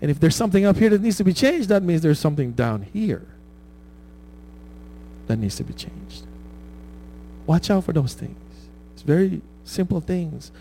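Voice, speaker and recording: A man's voice: high voice, lively intonation, normal speed, long pauses, dark tone, a little hiss or hum, low-quality recording. Conversational man preaching a sermon. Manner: conversational preaching with frequent "right?" tags; laughs at his own anecdotes. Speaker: pastor.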